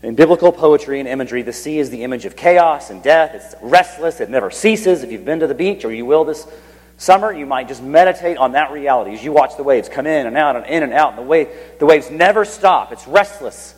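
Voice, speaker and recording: A pastor with a somewhat husky voice delivers a sermon. He reads scripture with building emphasis and then sinks to a near whisper for the most reverent lines. His voice rings out with a long reverb, as if recorded in a church sanctuary. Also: medium pitch, lively intonation, brisk.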